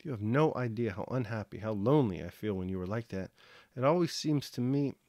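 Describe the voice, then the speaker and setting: A timid, soft-spoken young countess, read by a man with a low, dry voice. She talks gently and anxiously, like a worried wife in a storybook. The sound is close and without room echo. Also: expressive, a little fast. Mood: pleading.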